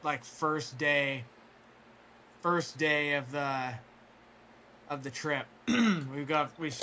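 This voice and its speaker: Guy telling a skate story real slow, bright voice, going a bit hoarse, faint hiss behind. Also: on the high side. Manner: rambling, full of fillers and restarts, swears freely. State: losing his voice, clearing throat. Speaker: guest storyteller. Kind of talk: casual storytelling chat.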